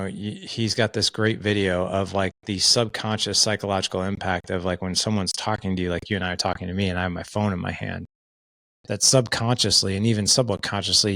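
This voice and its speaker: Middle-aged guy with a low voice, earnest chatty stories, lots of likes and you knows, dry close sound. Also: no room sound. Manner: earnest, animated storytelling with filler words. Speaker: podcast guest. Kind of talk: casual conversation.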